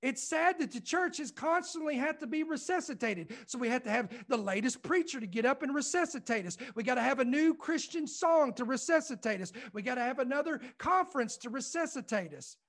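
Guy preaching a fired-up sermon, really high voice, keeps going "listen," trips over his words. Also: expressive, brisk, few pauses, fairly bright tone. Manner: fervent, emphatic, repeats "listen" and "I'm telling you"; restarts and stumbles when heated. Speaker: preacher and ministry host. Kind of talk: impassioned sermon.

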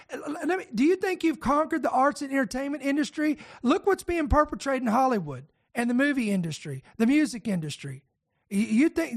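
Fervent high-voiced man preaching. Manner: fervent, emphatic, rhetorical questions. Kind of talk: podcast sermon.

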